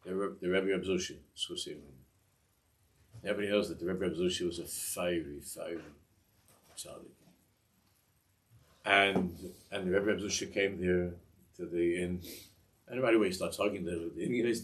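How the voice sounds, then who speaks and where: Deep-voiced man telling a story, heard from afar. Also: steady tone, far from the mic. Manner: rambling, halting, with many restarts and asides. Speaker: Torah teacher. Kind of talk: telling a Hasidic story in a class.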